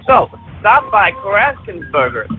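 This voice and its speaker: A man playing an overeager burger-joint founder in a radio ad, with a folksy salesman pitch. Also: very animated, a little slow, background noise. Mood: peppy. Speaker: fast-food founder in an ad. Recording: tinny lo-fi audio over loud music.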